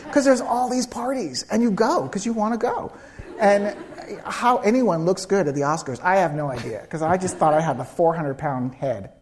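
Speaking at a moderate pace in a high voice, a screenwriter being interviewed live onstage spins stories, acting out quotes with frequent laughter. There is slight background noise.

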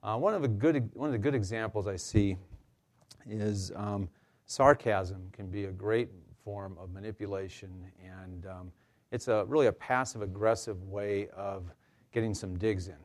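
Male counselor, low voice, relaxed workshop delivery, lots of "uh"s, dry humor, live room. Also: moderate pace. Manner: conversational, many fillers and restarts, light humor. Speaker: counselor leading a staff workshop. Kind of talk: informal workshop presentation.

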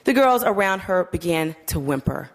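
A woman narrating a literary short story in a measured, steady audiobook reading. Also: fairly low pitch.

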